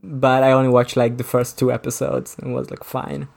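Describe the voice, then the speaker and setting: Podcast co-host, casual group chat, rambling, lots of "like", lower voice. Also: completely flat delivery, a little fast, vocal fry, a little mellow. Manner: rambling, analytical, uses "like" a lot.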